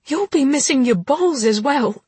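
A woman voicing a fiery young woman in an audiobook, snapping out sharp, indignant outbursts in a husky voice. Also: mid-range voice, moderate pace, no room sound. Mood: angry.

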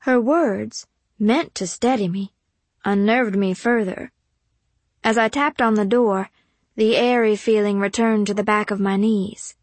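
A woman's voice: medium pitch, fairly even intonation, unhurried, no room sound. Woman audiobook narrator, poised and careful, dry close studio sound. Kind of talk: first-person audiobook narration.

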